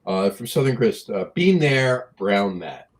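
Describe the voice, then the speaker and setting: A man with a low voice co-hosts a casual podcast. He talks haltingly, filling pauses with "uh" as he hunts for the next word. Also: big pitch swings. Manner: halting, many "uh" fillers, searching for words. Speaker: podcast co-host. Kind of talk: casual chat.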